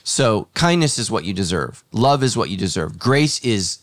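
A man with a fairly low voice, a pastor hosting a podcast conversation. He talks earnestly and thoughtfully, circling back with fillers and restarts. The sound is dry and close, with no room around it. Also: very animated, normal speed, no echo.

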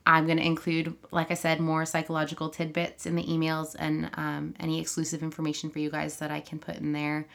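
Woman, podcast guest, lowish voice, lots of fry, bright tone, friendly, self-deprecating. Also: completely flat delivery, fairly quick, few pauses. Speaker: podcast guest, therapist and blogger. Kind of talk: casual podcast chat. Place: child's bedroom, seated on floor.

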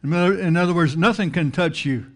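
A man's voice: fairly high pitch, quick pace. A man preaching a sermon in a conversational style, repeating words and asking the congregation questions.

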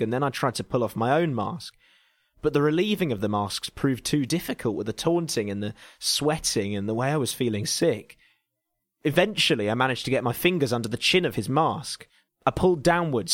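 An English man narrating a story in a dry, deadpan way. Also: medium pitch, dry recording.

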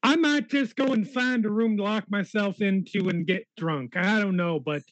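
A man's voice: sits high, moderate pace, few pauses, dry recording, poor audio. A man playing his character in a tabletop role-play game, talking in a rambling way and swearing freely.

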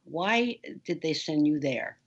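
A woman host who speaks very slowly, pausing with frequent ums and restarts as she puts questions to her guest. Her voice is husky, and the recording sounds dull and lo-fi. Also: deep voice, expressive. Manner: slow, hesitant, many fillers. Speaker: interview host. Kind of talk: interview.

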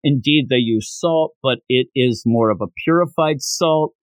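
A man's voice: medium pitch, a little slow, dry recording, close to an everyday voice. A man voicing a ridiculous male ghost who is both menacing and lecturing.

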